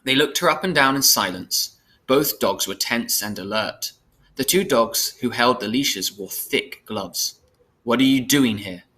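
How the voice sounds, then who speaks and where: A man reading a storybook chapter aloud in a steady, plain manner, sometimes correcting himself. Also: medium pitch, a little slow. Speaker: reader.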